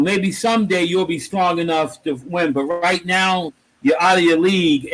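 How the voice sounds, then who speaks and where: A man in a casual interview, telling animated stories about comics and his own creations, acting out quotes as he goes. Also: high voice, poor audio. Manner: animated storyteller, exclaims and acts out quotes. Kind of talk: casual conversation.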